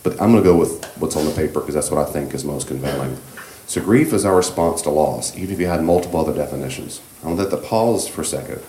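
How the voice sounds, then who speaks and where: A man leading a church class on grief, speaking in a gentle, reassuring, conversational way with many fillers. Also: very deep voice, fast, few pauses, echoey room, a little hiss or hum. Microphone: room microphone.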